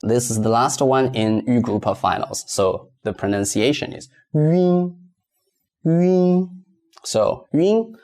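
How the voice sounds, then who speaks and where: Guy teaching pinyin real slow, says each word a bunch of times, patient. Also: mid-range voice, animated, darkish tone. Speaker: Mandarin teacher. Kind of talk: slow step-by-step pinyin lesson.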